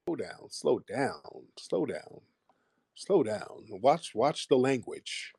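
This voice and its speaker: A man's voice: medium pitch, big pitch swings, slow pace, creaky, a little mellow, slightly rough, no room sound, studio quality. A man hosting a live call-in show, casual and combative, mocking and insulting his callers.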